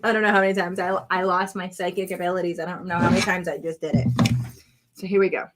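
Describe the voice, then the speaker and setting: A woman's voice: fairly low pitch, steady tone, fast, very noisy. A woman vlogging at home as she does a craft project, chatting to viewers and exclaiming over colors as she works. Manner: chatty, self-narrating while working, exclaims over colors. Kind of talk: casual crafting chat to viewers.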